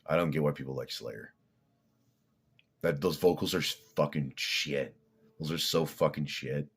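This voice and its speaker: Very deep-voiced man rambling bluntly. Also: moderate pace, husky. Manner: profane, blunt, meandering. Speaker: fitness vlogger. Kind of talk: rambling casual monologue.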